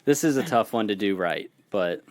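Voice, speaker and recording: A man's voice: lowish voice, expressive, moderate pace, no room sound. A man co-hosting a podcast, chatting casually and encouraging the others. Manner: encouraging, laughing. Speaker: podcast co-host. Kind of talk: casual chat.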